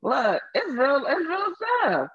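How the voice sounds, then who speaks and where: A man in casual group chat, lively and expressive, laughing along with the others. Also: extremely high pitch, takes it slowly, dull audio.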